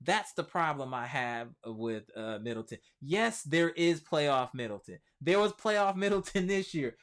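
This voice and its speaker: A man with a slightly higher-pitched voice hosts a casual live-stream sports show. He talks in an animated, slangy way, reads viewer comments aloud and answers them, and repeats his points for emphasis. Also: a little slow, few pauses. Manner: emphatic repetition, slangy speech. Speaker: sports channel host.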